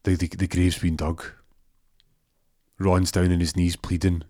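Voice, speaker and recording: A man spins a crude comic tale. He rambles and restarts often, and his voice is fairly low. The sound is dry and close. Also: level tone, a little slow, dark tone, dry recording. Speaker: comic storyteller. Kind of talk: improvised comic storytelling.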